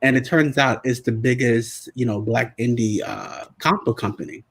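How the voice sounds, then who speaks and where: A man who writes comics, a guest telling relaxed anecdotes in casual chat. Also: mid-range voice, moderate pace, husky, poor audio. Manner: relaxed anecdotes, acts out quotes.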